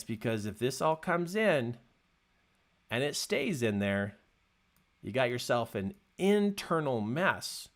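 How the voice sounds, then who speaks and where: A man speaking as a coach in a motivational talk, telling stories with emphatic repetition. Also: medium pitch. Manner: animated storytelling, emphatic repetition.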